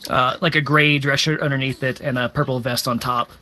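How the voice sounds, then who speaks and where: A man's voice: medium pitch, steady tone, brisk, sharp tone, a little hiss or hum. A man narrating a tabletop game as dungeon master, hesitant and full of fillers and restarts.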